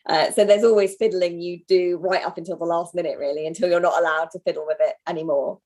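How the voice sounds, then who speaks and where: A woman's voice: lowish voice, fairly even intonation, darkish tone. Chatty woman author on a video call. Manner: chatty, self-deprecating, quick asides. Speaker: author guest. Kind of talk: conversational interview over video call.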